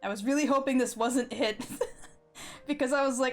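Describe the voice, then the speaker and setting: A woman's voice: high voice, fairly even intonation, moderate pace. A young adult woman streaming a video game, crying, laughing and swearing as she talks. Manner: swearing, laughing while teary. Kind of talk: live game-stream commentary. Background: game music.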